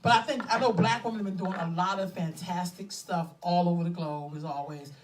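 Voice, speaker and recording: A woman co-hosting a casual talk show, chatty and animated, talking to listeners as y'all. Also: fairly low pitch, brisk, distant mic. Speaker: podcast co-host. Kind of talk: casual chat.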